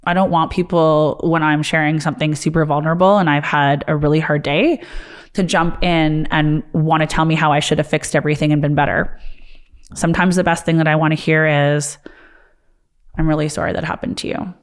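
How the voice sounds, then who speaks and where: A woman's voice: low voice, level tone, fairly quick, clean tone. A woman who owns a martial arts studio talks to the camera about motherhood in a candid, earnest, reflective way. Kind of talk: personal talk to camera.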